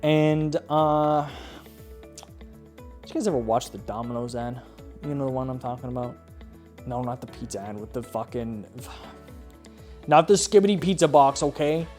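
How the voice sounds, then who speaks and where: In this ad-review video, a Canadian man speaks at normal speed in a mid-range, slightly mellow voice with long pauses, faint music in the background. He swears a lot while ranting about bad ads, exasperatedly asking "okay?" again and again.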